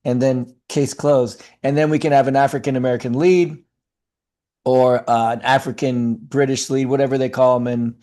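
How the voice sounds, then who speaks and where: Middle-aged actor dude chatting in an interview, mellow warm voice, lots of um and like. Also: male voice, mid-range voice. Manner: animated, talks fast with many fillers and restarts. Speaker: actor and acting coach. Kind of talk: casual interview chat.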